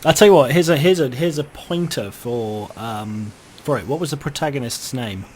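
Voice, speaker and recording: A man's voice: mid-range voice, moderate pace, a little mellow, a little hiss or hum. A man hosting a podcast in casual chat, blunt and jokey, swearing casually. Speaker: podcast host.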